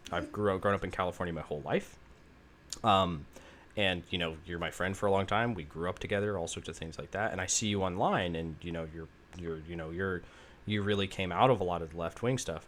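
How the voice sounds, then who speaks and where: Deep-voiced man rambling on a podcast. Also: a bit bright, a little hiss or hum. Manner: rambling, loose, many fillers and swearing. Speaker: podcast host. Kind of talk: casual chat.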